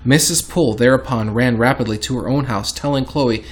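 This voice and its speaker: A man casually reading a historical account aloud to a co-host, pausing for quick commentary. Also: mid-range voice. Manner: reads aloud dramatically and breaks off to comment.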